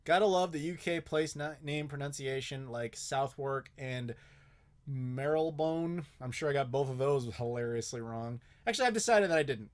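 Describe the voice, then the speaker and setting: A man's voice: mid-range voice, expressive, a little fast, few pauses. Blunt, profane man answering questions live. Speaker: host. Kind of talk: live Q&A, casual chat.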